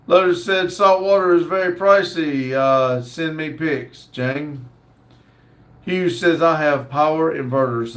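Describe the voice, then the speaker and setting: A man hosts a laid-back livestream and reads out viewer comments. His voice sits a little high, and he stumbles through names with plenty of pauses and fillers. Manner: slow, halting reading with fillers. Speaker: livestream host. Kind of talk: casual livestream chat, reading viewer comments.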